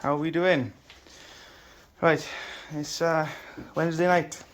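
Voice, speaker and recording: A man's voice: on the high side, level tone, slow pace, soft background music. A man talking casually through his home car project in a garage, chatty and down-to-earth with the odd swear word. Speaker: home mechanic vlogger. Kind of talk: casual workshop walkthrough.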